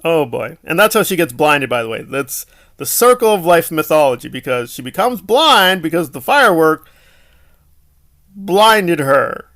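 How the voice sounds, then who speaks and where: A man's voice: on the high side, big pitch swings, a little slow, fairly bright tone. A man giving a casual, opinionated film review, exasperated and sarcastic, full of rhetorical questions.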